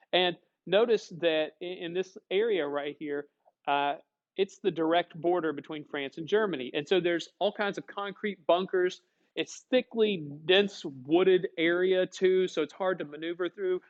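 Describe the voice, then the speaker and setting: Chatty male history teacher, lo-fi. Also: high-pitched. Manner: folksy and chatty, asks the class questions. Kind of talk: classroom lecture.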